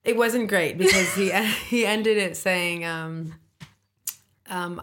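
A woman guesting on a podcast in casual chat, telling stories in an animated way with lots of filler words. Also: fairly low pitch, takes it slowly, a little hiss or hum. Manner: animated storyteller, many fillers.

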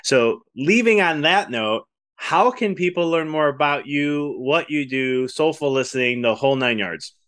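A man's voice: a little high, animated, unhurried, fairly bright tone. A man hosting a podcast, talking in an earnest, effusive and rambling way. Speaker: podcast host. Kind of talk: casual interview talk.

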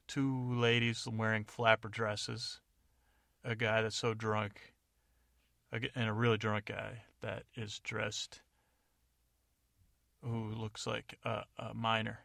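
A man's voice: lowish voice, monotone, unhurried, gravelly, long pauses, fairly bright tone, dry recording, studio quality. A man hosting a podcast, telling a meandering bedtime story with many digressions and fillers. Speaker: podcast host.

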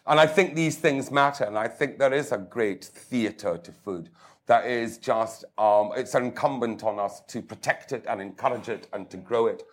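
A man's voice: mid-range voice, moderate pace. An older man, a chef talking with enthusiasm and self-mocking humour in an interview. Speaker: chef and cookery writer. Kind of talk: conversational interview.

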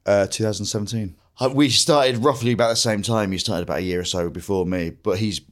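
A man's voice: lowish voice, brisk. A man from Grimsby, a comedian guest on a podcast, telling rambling, self-deprecating stories in casual chat. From Grimsby, England.

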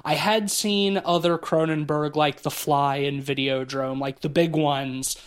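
A man's voice: on the high side, a little slow, smooth. A man in his thirties co-hosting a podcast, talking casually and profanely about a film. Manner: rambling, animated, profane. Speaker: podcast co-host.

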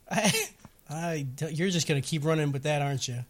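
A man's voice: a little high, steady tone, moderate pace. A man co-hosting an anime podcast, trading crude jokes and laughing a lot. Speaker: podcast co-host. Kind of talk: casual chat.

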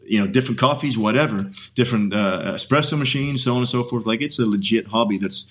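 A man speaking as a podcast guest in a fairly low voice. He talks casually and with enthusiasm, his sentences loose and full of fillers. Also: fast talker, a bit bright. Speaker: sprint coach, podcast guest. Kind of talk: casual interview chat.

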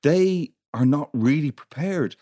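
A man, co-hosting a podcast in casual chat, quick to react and tease his partner. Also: on the high side, lively intonation, mellow. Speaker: podcast co-host.

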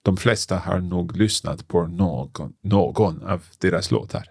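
Male learner-host, gravelly low voice, halting, thinks aloud. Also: a little mellow, no echo, clean studio sound. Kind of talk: casual language lesson.

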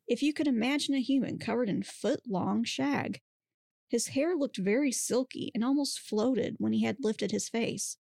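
A woman podcast host reading a monster romance story aloud with steady, expressive narration. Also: on the high side, vocal fry, no echo, studio quality.

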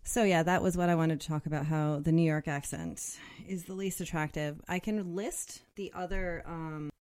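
A woman's voice: low voice, steady tone, normal speed, darkish tone, clean tone. A woman co-hosting a podcast, chatting casually, reading from an article and laughing often. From Connecticut. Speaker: podcast co-host. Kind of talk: casual chat.

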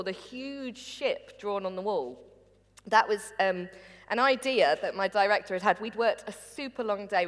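A woman's voice: mid-range voice, big-room sound. A woman, a documentary presenter and academic, chatting casually and laughing as she tells behind-the-scenes stories. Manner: lively, laughing storyteller.

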